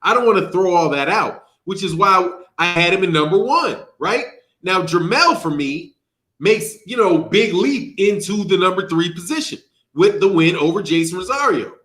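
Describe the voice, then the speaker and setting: A man's voice: high voice, expressive, moderate pace, a bit bright. A man hosting a casual boxing talk show, loose and joking as he ranks fighters. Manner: joking, teasing, loose banter.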